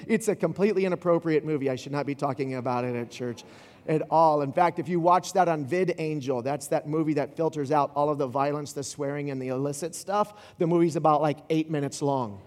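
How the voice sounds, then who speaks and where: A man giving a casual sermon in a church, retelling a film scene in an animated, rambling way. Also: fairly high pitch, fast talker, big-room sound. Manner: animated storytelling with asides and restarts. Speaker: pastor.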